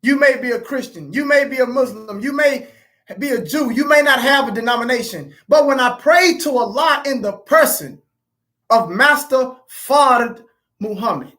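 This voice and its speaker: Brief: bereaved woman testifying on a live stream, halting and repetitive, a fairly high voice. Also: fairly bright tone. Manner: halting, repeats herself, addresses listeners as family. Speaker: grieving parent hosting a live stream.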